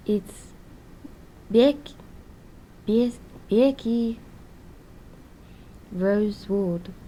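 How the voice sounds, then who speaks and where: A young woman voicing an earnest, lonely diarist who confides in her viewers in a hesitant, soft-spoken way, often drifting into whispers. Her voice sits at a middle height, and she talks slowly with long pauses. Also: mid-range voice, slight background noise, natural voice, low-quality recording. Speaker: diary vlogger character. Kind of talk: in-character diary vlog.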